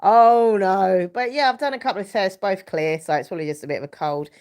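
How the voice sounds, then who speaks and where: A woman's voice: on the low side, lively intonation, racing. A woman, chatting loosely on a live stream. She sounds stuffy and congested from a cold, and she rambles along while reading out viewers' comments. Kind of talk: casual live stream chat.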